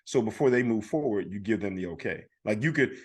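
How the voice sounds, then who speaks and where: A man's voice: fairly low pitch, expressive, a little fast, a little mellow, breathy edge. A man co-hosting a podcast, telling a story in casual chat and acting out the other people's lines. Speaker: podcast co-host.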